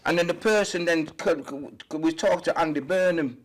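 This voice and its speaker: Guy on a podcast, kinda high voice, making his point hard, lots of "yeah?". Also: a little fast. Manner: emphatic, frequent "yeah?" check-ins and "mm" backchannels. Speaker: podcast guest. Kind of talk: casual interview talk.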